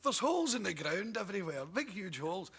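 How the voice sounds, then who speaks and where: A Scottish man, a comedian guest in his thirties, tells animated talk-show anecdotes in a TV studio and laughs through his punchlines. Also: high voice, a little fast, creaky, breathy edge. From Scotland. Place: TV studio with audience.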